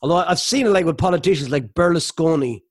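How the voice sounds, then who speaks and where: A man hosts a radio interview, asking questions in a relaxed way and often restarting his sentences. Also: on the high side, quick pace, breathy edge. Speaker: radio host. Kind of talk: conversational interview.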